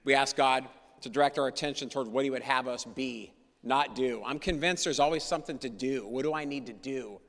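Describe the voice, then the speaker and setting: A man's voice: medium pitch, a little fast, a bit bright. A man telling his personal recovery story to a meeting, earnest and emphatic, driving points home by repeating key phrases. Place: meeting hall. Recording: long reverb of a meeting hall.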